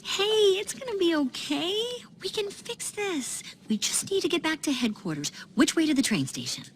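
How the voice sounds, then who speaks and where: An actress voicing a perky, relentlessly optimistic female emotion in an animated film, upbeat and coaxing. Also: extremely high pitch, moderate pace, a little hiss or hum, heavily acted.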